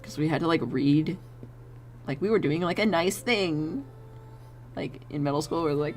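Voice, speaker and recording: Streaming from home on a desk mic, a young woman chats casually while drawing, swearing and laughing as she tells stories and plays the people in them. Her low voice is very animated at a normal speed, with faint music behind.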